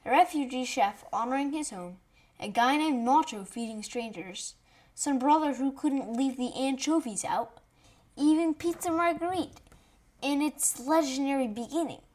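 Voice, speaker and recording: Female co-host, high voice, curious and light. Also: normal speed, a little mellow. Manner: curious, light reactions and quiz questions. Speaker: podcast co-host. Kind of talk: podcast banter.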